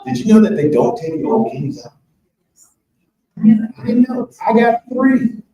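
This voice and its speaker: A male author giving a speech in a large event hall tells the audience a candid personal story, joking conversationally along the way. His very high-pitched, warm voice has lively intonation and a measured pace. The muffled recording is echoey, his voice sounding distant.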